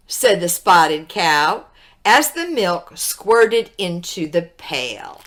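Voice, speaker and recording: Slow bright teacher lady reading a picture book to kids, asks them stuff. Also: mid-range voice. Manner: gentle, asks the young listeners questions. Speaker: teacher reading aloud to children. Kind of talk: children's read-aloud storytelling.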